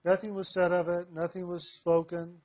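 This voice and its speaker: A man with a somewhat high voice tells a personal story at an unhurried, reflective pace. He laughs softly now and then as he recounts it. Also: flat delivery.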